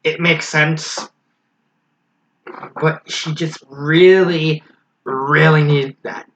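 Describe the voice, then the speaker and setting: A man's voice: on the high side, steady tone, drawn-out words, a bit bright. A man giving a casual spoken review of a fan story, frank and critical, thinking aloud as he goes. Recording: slightly dull lo-fi recording with faint hiss.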